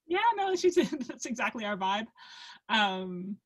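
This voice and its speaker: A woman co-hosting a laid-back podcast, chatting casually and giggling often. She tells long, rambling stories full of restarts and asides, at a middling pitch. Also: sing-song, takes it slowly, husky. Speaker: podcast co-host. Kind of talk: casual chat.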